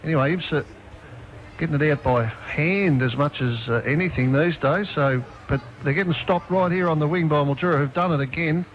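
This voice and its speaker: Aussie footy expert, slow folksy comments with lots of uhs, slightly high voice, kinda muffled. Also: male voice. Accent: Australian. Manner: measured and folksy, with hesitations. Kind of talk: local football commentary. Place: commentary box with a window at a ground.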